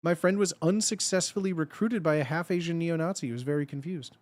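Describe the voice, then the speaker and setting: A man's voice: a little high, quick pace, a little mellow. A man in his thirties chatting casually on a livestream, blunt and profane, and laughing often.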